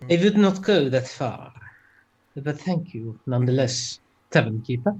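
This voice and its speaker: A man's voice: mid-range voice, expressive, a little slow, darkish tone, slightly rough, lo-fi sound. A man voicing a formal, dry-witted traveling companion. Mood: wry.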